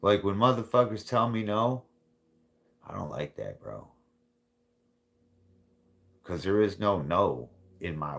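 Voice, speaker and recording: A man with a very low voice holds a loose, casual conversation. He talks bluntly, swears freely and laughs often as he goes. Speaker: livestream host. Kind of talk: casual chat.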